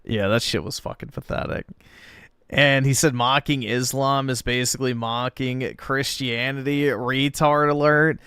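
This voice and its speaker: A man's voice: medium pitch, steady tone, unhurried, a bit bright, clean tone, dry recording, clean studio sound. A man hosting a livestream, chatting loosely and offhand with lots of profanity. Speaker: livestream host. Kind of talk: casual stream commentary.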